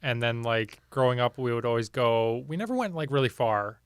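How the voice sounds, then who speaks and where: A young man with a Midwestern American accent and a mid-range voice, joking and telling stories in quick banter. The recording is dry and close, with no room sound. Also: mid-range voice, clear, resonant tone, no echo. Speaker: podcast co-host. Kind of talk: casual chat.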